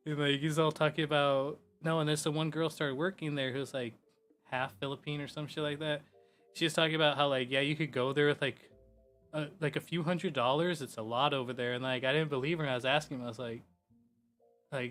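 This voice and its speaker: Male streamer, casual rambling chat, profane, slightly high pitch, soft music underneath. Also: fairly even intonation, brisk. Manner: loose, profane, full of "like" and "you know". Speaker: gaming streamer.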